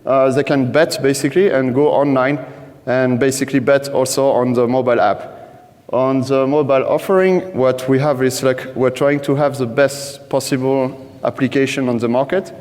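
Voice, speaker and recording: A French-accented man speaks from a conference stage, stopping and restarting often with many fillers. His voice sits at a middle pitch. Long reverb from a large hall trails behind each phrase. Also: fairly even intonation, normal speed, a little mellow. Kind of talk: conference presentation.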